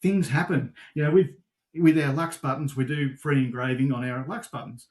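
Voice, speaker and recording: Animated Australian man telling stories. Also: mid-range voice, moderate pace. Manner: animated storyteller, gets worked up. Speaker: guest, supplier sales manager. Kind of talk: casual interview answers.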